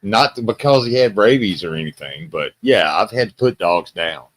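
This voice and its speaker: A man's voice: on the low side, lively intonation, moderate pace. A man in a casual chat who speaks bluntly in short remarks.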